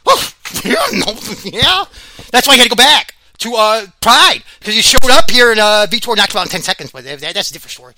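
A man hosting a sports podcast, chatting in a rambling, excitable way and laughing often. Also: sits high, fairly quick, no room sound. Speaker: podcast host. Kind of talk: casual rambling sports chat.

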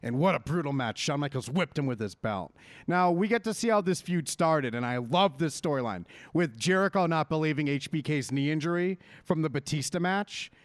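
Animated ranting man, dry close sound. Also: on the high side, a little fast, no echo. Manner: animated ranting, swears freely. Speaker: podcast co-host. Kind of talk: casual wrestling chat.

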